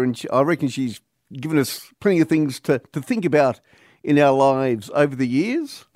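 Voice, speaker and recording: A man's voice: medium pitch, animated, moderate pace, a little mellow, no room sound, clean studio sound. A man hosting a radio show, easygoing and friendly in casual chat. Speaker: radio host. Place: radio studio.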